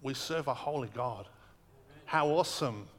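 A man's voice: medium pitch, fairly bright tone. Guy preaching a sermon, earnest, leans on repeated words, big reverb behind him. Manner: earnest, emphatic repetition, slows for weight.

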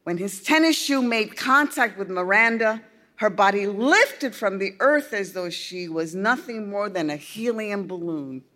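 A woman narrating a first-person story in a slow, deliberate storytelling manner. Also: mid-range voice, expressive, fairly bright tone. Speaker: audiobook reader.

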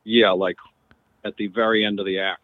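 Man calling in, fumbling with fillers, sheepish, a bit low, thin phone-line sound. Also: level tone, moderate pace, dry recording. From near Boston, Massachusetts. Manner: hesitant, full of fillers, sheepish humor. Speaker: caller. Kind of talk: call-in on a radio show.

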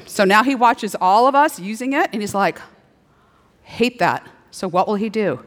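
A middle-aged woman preaching a sermon, playful and animated, slipping into little acted-out dialogues. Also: medium pitch, fairly quick. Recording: long hall reverb.

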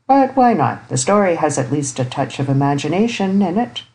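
Brief: woman voicing a low, grave old bachelor uncle, dry and ironic, storybook reading. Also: sing-song, normal speed, darkish tone, low-quality recording. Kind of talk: audiobook character reading.

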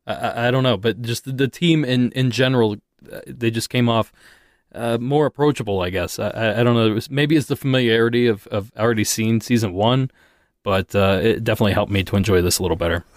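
A man's voice: medium pitch, fast, no room sound, studio quality. A man co-hosting a podcast, talking hesitantly with stammers and self-corrections. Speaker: podcast co-host. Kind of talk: casual chat.

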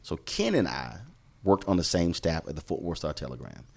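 Deep-voiced, animated middle-aged man. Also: a little fast, gravelly. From Houston, Texas. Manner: animated, emphatic, acts out quoted dialogue. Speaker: journalist and show host, podcast guest. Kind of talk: conversational storytelling.

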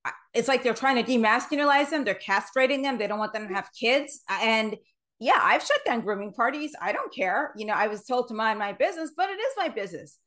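A woman's voice: on the high side, animated, brisk, fairly bright tone. A woman hosting an interview show, amped up and emphatic. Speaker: host. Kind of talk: casual interview.

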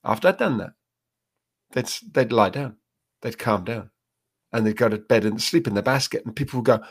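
A man talking in an interview about training dogs. He tells his stories in a relaxed way, slipping into short acted-out voices. His voice sits at an ordinary, middle pitch. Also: brisk, long pauses, breathy edge. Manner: storytelling, acts out little quoted scenes. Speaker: dog trainer, guest. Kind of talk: casual interview talk.

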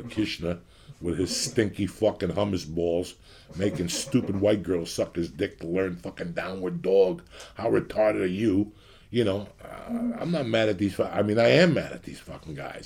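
A podcast host in his fifties from the New York area delivers a blunt, profanity-laced rant to his audience. His voice is low, gravelly, husky and somewhat dark.

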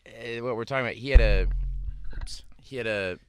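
A man who works as an actor, guest in a casual conversation, telling lively anecdotes and laughing as he goes. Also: medium pitch, a little fast, smooth. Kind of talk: casual chat.

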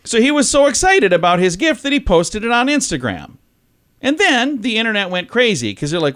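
A man with a notably high voice co-hosting a radio show. He tells a news story in a chatty, animated way, bouncing along as he goes. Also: fairly quick. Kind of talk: casual radio chat.

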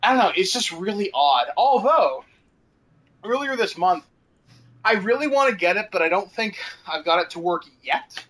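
High, bright-voiced man chatting. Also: lively intonation, moderate pace, poor audio. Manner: chatty, laughs often, swears casually, many fillers. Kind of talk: casual podcast chat.

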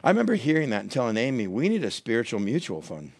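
Man, 30s, pastor; lively storytelling sermon, middle pitch with wide swings. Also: quick pace, vocal fry, no echo. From United States. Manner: animated storytelling, acting out quoted voices with big pitch jumps.

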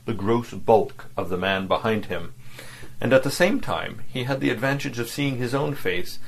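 A man narrating a novel as an audiobook reader, in a measured storytelling manner. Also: mid-range voice, gravelly, rough recording.

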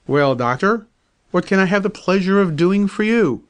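A man's voice: high-pitched, lively intonation, normal speed, clear, resonant tone, pitched above the performer's own voice. A man reading aloud and voicing a courteous, mildly teasing father in a storybook tale. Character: genial, amused gentleman father.

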